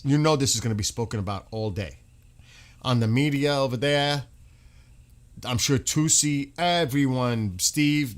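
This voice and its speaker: A man reacting to news on a live stream, exclaiming in disbelief and swearing now and then. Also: medium pitch.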